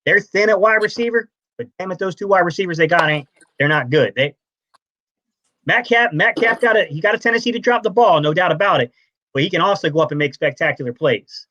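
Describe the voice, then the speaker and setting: A man co-hosting a casual fan sports stream, talking in a brash, animated way. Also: high voice, fairly quick, no echo. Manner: animated, brash, says bro a lot. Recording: dull lo-fi stream audio.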